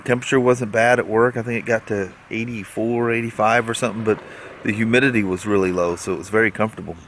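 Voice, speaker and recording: A man talking casually in a daily vlog, relaxed and rambling, often chuckling. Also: on the low side, fast talker, slight background noise. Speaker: vlogger. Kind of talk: casual chat. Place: driving home, then at home outdoors.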